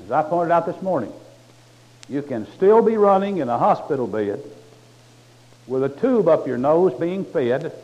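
A man's voice: a little high, lively intonation, moderate pace, pauses often, a little mellow. A man preaching a sermon in a folksy, conversational way with touches of humor. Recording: muffled lo-fi recording.

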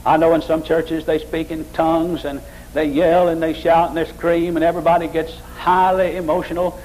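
A man's voice: steady tone, moderate pace, darkish tone, rough recording. Emphatic man preaching a sermon. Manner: emphatic, repetitive, rises high when mocking emotional worship.

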